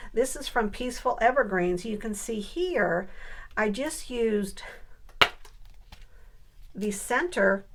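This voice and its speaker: A middle-aged woman talks through her papercraft project in an easy, conversational way, pausing to think aloud as she works. She keeps turning to her viewers with friendly questions, at an ordinary mid-range pitch. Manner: chatty, thinks aloud while working. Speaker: papercraft vlogger. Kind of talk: casual crafting tutorial.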